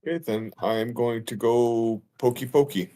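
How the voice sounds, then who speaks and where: A man's voice: mid-range voice, unhurried, mellow. A man playing a tabletop game, talking matter-of-factly as he works out his rolls. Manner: matter-of-fact, working out dice rolls. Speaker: player. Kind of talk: casual chat.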